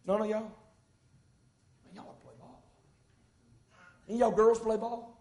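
High-pitched preacher in echoey church. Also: male voice, flat delivery, a little slow. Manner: folksy, rising to fervent shouts. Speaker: pastor. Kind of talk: sermon. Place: church sanctuary.

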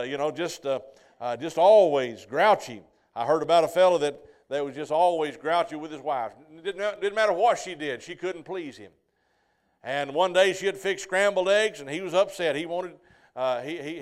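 Folksy preacher with a high voice. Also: male voice. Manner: folksy storytelling, asks the congregation "Amen?". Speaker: pastor. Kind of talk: sermon.

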